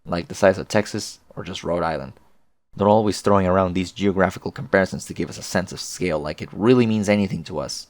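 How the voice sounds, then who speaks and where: A man's voice: deep voice, fast, dry recording, close to an everyday voice. A man voicing a sardonic teenage boy in an online chat, rambling and crude. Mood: snarky. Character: snarky deadpan teenage boy chatting online.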